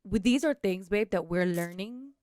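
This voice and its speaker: A woman's voice: mid-range voice, expressive, normal speed, darkish tone, smooth, no echo, clean studio sound. A woman co-hosting a podcast in casual chat, supportive and chiming in with short reactions. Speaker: podcast co-host.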